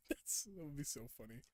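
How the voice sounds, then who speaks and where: A man's voice: a little high, a little mellow, no room sound. A young man streaming a game, chatting casually, laughing often and acting out quotes. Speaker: gaming streamer. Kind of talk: casual gameplay chat.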